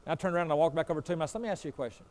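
Folksy pastor, higher-pitched man. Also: very fast, a little mellow. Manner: storytelling, acting out both sides of a conversation; folksy, repeats "I said" and "he said". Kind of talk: sermon.

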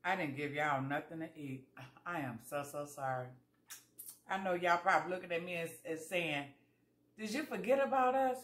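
Woman, eating vlog, folksy chatter, bright tone, roomy echo. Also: lowish voice, normal speed. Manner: chatty, talks to viewers as "y'all" while eating; folksy storyteller, acts out both sides of conversations. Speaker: vlogger. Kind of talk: casual eating vlog chat.

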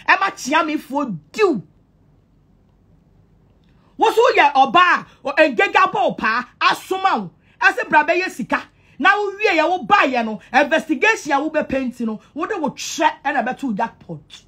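A woman with a Ghanaian accent delivers a taunting monologue to camera, mocking and repetitive with a sing-song delivery and loud outbursts. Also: high-pitched.

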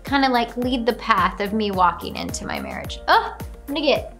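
A woman's voice: on the high side, huge pitch swings, normal speed, fairly bright tone, soft background music. A woman casually reacting to her own video, gushing and bubbly, often gasping and laughing.

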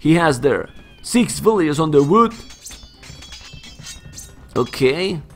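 Spanish-accented guy casting a game live, high voice that jumps all over, gets worked up, keeps saying man. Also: expressive, slow pace, faint music behind. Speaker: game caster.

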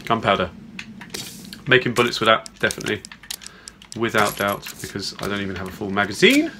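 A man's voice: lowish voice, steady tone, a little fast, noisy background. A man giving casual, playful let's-play commentary on a horror game, chatting to viewers as he plays. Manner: playful, chatty, talks to viewers while playing. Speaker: gamer playing through a horror game.

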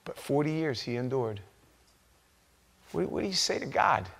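A male pastor delivering a sermon in a church. He preaches with lively storytelling, dropping to a quiet, conversational tone and then bursting out loud when he acts out the people he quotes. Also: mid-range voice, moderate pace, gravelly. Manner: animated storytelling, acting out quoted voices with sudden loud outbursts. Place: church sanctuary.

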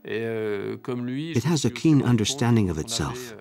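A man's voice: mid-range voice, big pitch swings, slow pace, vocal fry, crowd noise. A man, a mountaineer, speaking reflectively in an interview voice-over. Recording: loud music behind.

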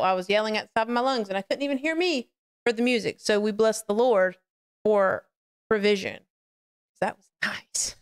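A woman's voice: mid-range voice, clear, resonant tone. A woman hosting a live-streamed faith podcast, talking candidly and rambling as she greets her chat and shares personal reflections. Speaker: podcast host.

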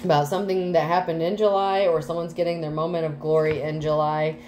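A woman's voice: sits low, fairly even intonation, fairly quick, darkish tone, slight background noise, low-quality recording. A woman doing a casual tarot reading, chatty and full of fillers, with some casual swearing. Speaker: tarot reader.

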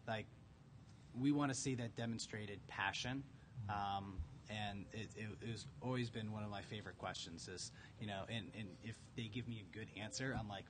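A man working as a recruiter, answering on a conference panel with many restarts and pauses. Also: lowish voice, fairly even intonation, slight background noise. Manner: hesitant, many restarts and fillers.

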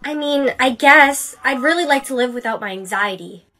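A synthetic woman's voice reading the lead roles of short POV skits in an even, machine-like way. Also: sits high, moderate pace, slight background noise, poor audio. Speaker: text-to-speech storyteller. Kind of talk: text-to-speech POV skit narration.

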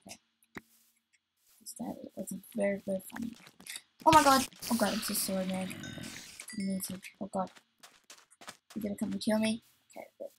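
A woman's voice: medium pitch, level tone, moderate pace, creaky, long pauses, darkish tone, a little hiss or hum, poor audio. A woman hosting a let's play, chatting to herself as she plays and getting easily startled. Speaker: gaming channel host.

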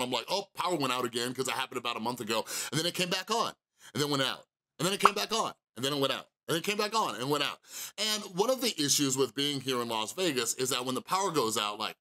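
A man, a vlog host, telling a story in a rambling, animated, conversational way with lots of fillers. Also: medium pitch. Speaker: vlogger, channel host.

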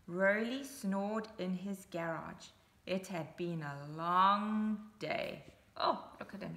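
A woman reads a children's picture book aloud, stopping often to point things out to her young listeners. She takes her time, and her voice has a bright, forward edge with a gravelly fry underneath. The room around her sounds echoey. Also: mid-range voice, slow, slight background noise. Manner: animated, chatty asides to young listeners. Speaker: storybook reader. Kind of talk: children's story read-aloud.

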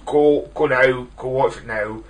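A man's voice: mid-range voice, unhurried, poor audio. Rambling young man reviewing a film. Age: 20s. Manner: rambling, self-deprecating, many restarts. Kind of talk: casual video review.

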